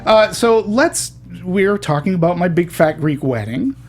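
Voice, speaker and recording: A man hosting a movie review panel in casual chat, playful and halting with many restarts and fillers. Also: high-pitched, animated, faint music behind. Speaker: movie review show host.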